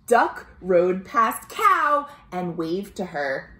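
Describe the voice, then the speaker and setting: A woman, a children's librarian, reading a picture book aloud at home in an animated storytime voice, asking the children questions along the way. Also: medium pitch, slow, reverberant. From United States.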